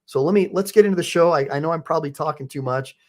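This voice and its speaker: A man's voice: on the high side, rapid-fire, a little mellow. A man hosting a live stream with rambling commentary, full of fillers and restarts. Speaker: host, attorney.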